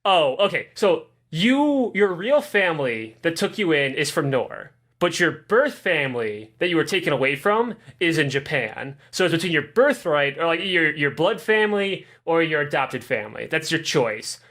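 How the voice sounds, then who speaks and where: A man talks through a long, profane recap on a casual podcast, hardly pausing. His voice is high and bright. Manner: rambling, profane, animated recap. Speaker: podcast co-host. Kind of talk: casual chat.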